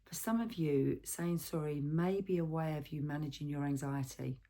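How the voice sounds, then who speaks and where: A woman counsellor giving a gentle, reflective self-help talk and asking the viewer questions. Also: low-pitched, moderate pace.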